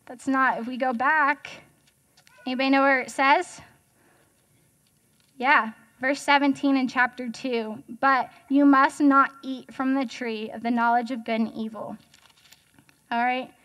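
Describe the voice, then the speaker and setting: A woman's voice: high voice, fairly even intonation, unhurried, pauses often, a bit bright. A young woman giving a casual, chatty sermon as guest speaker, joking and asking the audience questions.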